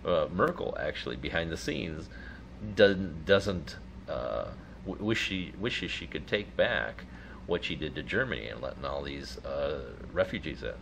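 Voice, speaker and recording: A man's voice: extremely low pitch, very animated, unhurried, gravelly, background noise. A man giving casual political commentary, reading out passages and talking them through with fillers and restarts. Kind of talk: commentary reading out quoted transcripts.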